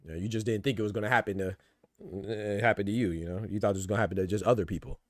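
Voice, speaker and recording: Guy ranting fast on his podcast, lowish voice, dry close mic, lots of "you know what i'm saying". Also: dry recording. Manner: animated, swearing, rhetorical asides. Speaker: podcast host. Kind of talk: casual boxing and politics commentary.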